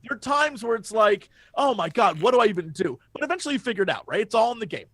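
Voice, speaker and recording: High-voiced, excitable man telling a story. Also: quick pace, no echo. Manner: excitable storyteller, swears freely. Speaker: podcast co-host. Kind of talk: casual chat.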